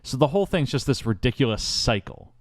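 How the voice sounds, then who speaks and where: A man hosting a podcast, telling a story in a mock-grandiose, animated way in casual chat. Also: mid-range voice, brisk, no room sound, clean studio sound. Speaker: podcast host.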